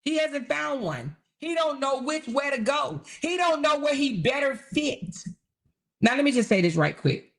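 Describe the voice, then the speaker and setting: A woman's voice: high voice, sing-song, unhurried. A woman hosting a commentary livestream, talking in a blunt, sarcastic, profane way. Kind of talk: casual commentary.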